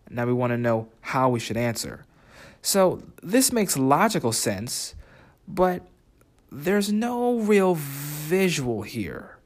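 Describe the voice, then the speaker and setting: Male writing instructor, mid-pitched, reflective lesson delivery with questions to the listener. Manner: reflective, asks listeners questions, reads lyric quotes slowly. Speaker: writing teacher. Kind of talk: spoken lesson comparing translations.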